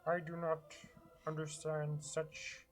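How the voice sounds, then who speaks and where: A stiff, formal male outsider, as a man at a tabletop game puts him on, speaking in slow, solemn, formal phrasing. The voice sits a little higher than his usual and drags along very slowly. Faint music plays behind. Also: monotone. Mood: puzzled. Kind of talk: tabletop role-play.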